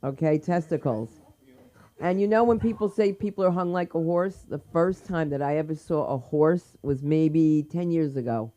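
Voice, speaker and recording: A woman's voice: deep voice, normal speed, dark tone. A woman hosting an open mic, telling a rambling, bawdy story before introducing the next comic. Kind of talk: stand-up banter.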